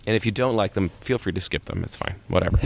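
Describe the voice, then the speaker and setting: A man talking as an author guest in a casual podcast interview, animated and emphatic. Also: gravelly. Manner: animated, emphatic pitch jumps.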